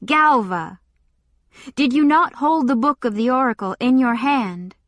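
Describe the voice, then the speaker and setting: A woman's voice: high-pitched, animated, unhurried, fairly bright tone, no echo. A woman reading an audiobook, voicing an impatient, defiant young man with a challenging, insistent manner.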